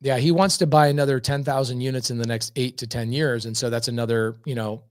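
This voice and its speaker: A man's voice: mid-range voice, steady tone, quick pace, no room sound, clean studio sound. A man chatting as a podcast guest, telling stories with energy and emphasis, often repeating words for effect. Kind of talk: casual storytelling chat.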